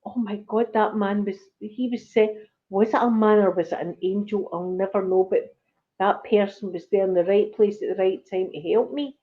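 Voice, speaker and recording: A woman's voice: mid-range voice, normal speed. A middle-aged Scottish woman hosting a casual chat, telling a personal story and acting out the voices of the people in it. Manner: animated storyteller, acts out quoted voices. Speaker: channel host. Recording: slightly dull lo-fi recording.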